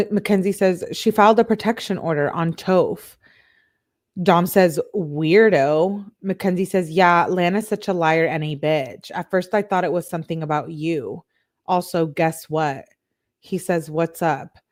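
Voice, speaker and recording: A woman with a slightly low voice reads a string of text messages aloud on a live stream. She gives the quoted lines a flat, plain read. Now and then she stops to talk with her viewers. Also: moderate pace. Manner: flat reading of quoted messages, broken by asides to chat. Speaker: true crime YouTuber.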